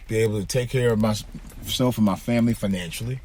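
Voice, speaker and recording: A man's voice: fairly low pitch, steady tone, brisk, a little mellow. A man hosting his own podcast, talking casually from his car. He rambles and repeats himself, with plenty of fillers. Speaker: podcast host. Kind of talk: casual monologue. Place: in a car, driving.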